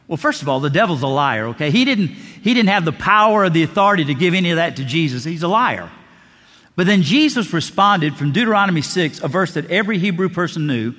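A male pastor preaching a sermon, dramatic, slowing and dropping low on key words. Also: expressive, bright, forceful tone. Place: church sanctuary. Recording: long reverb of a large hall.

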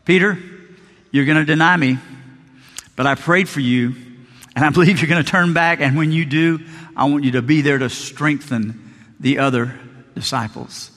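A man preaching a sermon with a slightly high voice, carried by a long reverb in a church sanctuary. He tells his stories earnestly and gives the quoted lines their own drama. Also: moderate pace, pauses often, fairly bright tone. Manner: earnest storytelling, acts out biblical quotes. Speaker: pastor.

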